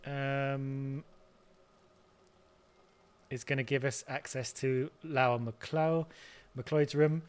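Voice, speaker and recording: A man's voice: mid-range voice, little pitch movement, extremely slow, pauses often, clean tone. Man thinking aloud over a game. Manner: thinking aloud, stammers through repeats. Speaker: let's play host. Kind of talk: casual game commentary.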